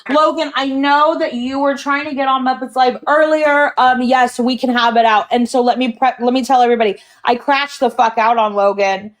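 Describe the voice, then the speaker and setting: A woman's voice: high-pitched, steady tone, normal speed, hardly any pauses. A woman in a heated livestream argument, ranting in a profane, combative way. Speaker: livestream debater.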